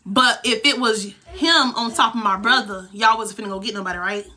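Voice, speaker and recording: A woman's voice: on the high side, moderate pace, pushed and bright. A young woman vlogger telling a heated, profane story from her own life. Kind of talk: storytime vlog.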